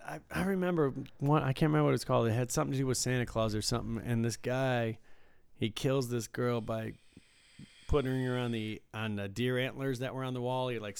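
A man's voice: medium pitch, fairly even intonation, gravelly, clean tone. A man hosting a casual chat show who rambles and halts with frequent restarts. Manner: rambling, halting, many restarts and fillers. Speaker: podcast host. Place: Las Vegas.

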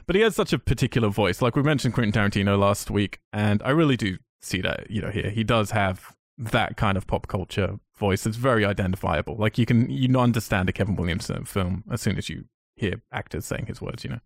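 A man's voice: on the low side, brisk, hardly any pauses, no echo. Man, podcast co-host, casual film chat, enthusiastic, rambling, dry close sound.

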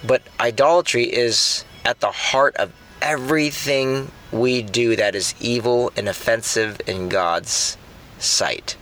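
A man's voice: medium pitch, takes it slowly, a bit bright, slight background noise. A middle-aged man preaching a sermon in a conversational way, often repeating words while he thinks. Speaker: pastor.

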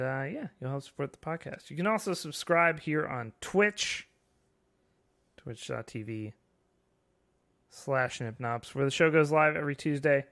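A man's voice: fairly high pitch, gravelly, a bit bright. A man hosting a casual live-streamed podcast, joking, swearing and laughing often. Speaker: podcast host.

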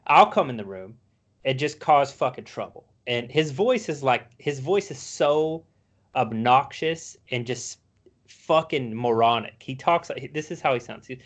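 A man co-hosting a casual podcast, swearing freely as he tells animated stories. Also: on the high side, normal speed. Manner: profane, animated storytelling. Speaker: podcast co-host. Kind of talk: casual chat.

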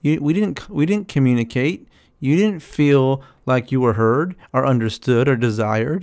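Man, casual relationship talk, emphatic, repeats himself, mid-pitched voice. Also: expressive, normal speed, a little mellow. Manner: repetitive, emphatic, acts out quotes in a higher voice. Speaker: relationship commentator.

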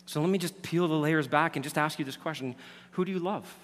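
A man preaching a sermon as pastor, swinging from loud emphatic lines down to hushed near-whispers. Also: on the high side, brisk. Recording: reverberant hall.

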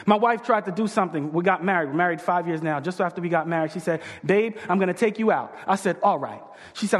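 A pastor telling a story in his sermon, acting out the voices of the people in it. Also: high voice. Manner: animated, acts out quoted voices. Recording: long hall reverb.

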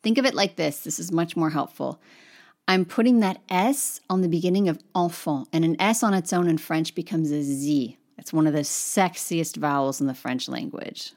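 A woman teaching French pronunciation to English speakers online, spelling words out letter by letter and slowing down to demonstrate. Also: low-pitched, a little mellow. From English-speaking country.

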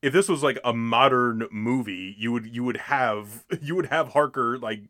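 A man's voice: medium pitch, normal speed, sharp tone, no room sound, studio quality. A man co-hosting a podcast, chatting casually about old films with many fillers and restarts. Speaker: podcast co-host. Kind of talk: casual film discussion.

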